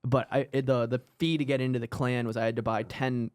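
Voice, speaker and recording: A man guest on a comedy podcast, telling a self-mocking story in quick, animated banter. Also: medium pitch, clean tone.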